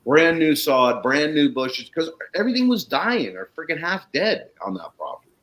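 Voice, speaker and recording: On a rough recording, a slightly high male voice moves at a moderate pace. As a talk show guest who works with soil and landscapes, he tells a casual, profanity-laced story. He's lively, swears freely, and performs the voices of whoever he's quoting.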